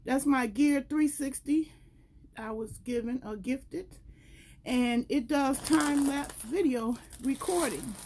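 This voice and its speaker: A woman with a high, warm voice chats casually with viewers in a gardening vlog, calling them "y'all" and getting out of breath at times. She films indoors, in her house and grow room, on a handheld camera that she later sets down. A slight hiss or hum sits under the audio.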